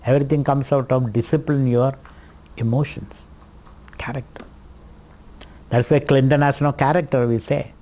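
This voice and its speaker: A man giving a spiritual lecture on scripture, teaching in a deliberate, repetitive way. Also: mid-range voice, steady tone, mellow. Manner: slow, deliberate teaching with repetitions and light laughter.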